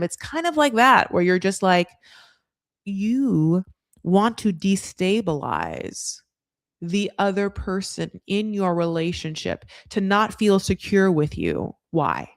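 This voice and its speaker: A woman's voice: mid-range voice, big pitch swings, no room sound, clean studio sound. A woman hosting a casual reality TV recap, talking in a rambling, chatty way full of fillers. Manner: acts out cast members in quick quoted voices.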